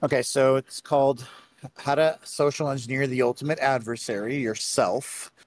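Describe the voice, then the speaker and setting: Rambling, animated man telling a story. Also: medium pitch, normal speed, a little hiss or hum. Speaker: conference speaker. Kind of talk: casual podcast chat.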